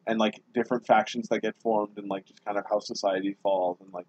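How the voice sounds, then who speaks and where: A man's voice: on the low side, steady tone, fairly quick, a little mellow, dry recording. A young man chatting casually on a podcast, teasing and laughing easily, with dull, lo-fi sound. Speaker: podcast co-host. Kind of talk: casual chat.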